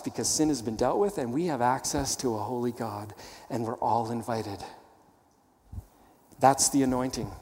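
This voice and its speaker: A man's voice: mid-range voice, a little mellow, big-room sound. A man preaching a sermon, teaching emphatically and asking rhetorical questions. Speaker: pastor.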